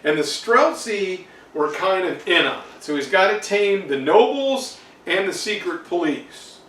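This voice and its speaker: A man's voice: high voice, lively intonation, measured pace, a bit bright. A man teaching an exam review lecture in a casual, digressive way with many fillers. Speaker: history teacher. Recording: roomy, distant mic, faint noise.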